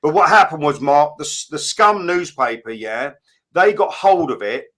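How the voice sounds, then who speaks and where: A middle-aged man, a guest talking candidly in a casual interview, often pausing on fillers and restarting. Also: a little high, animated, fairly bright tone. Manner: candid, plain-spoken, with many fillers and restarts.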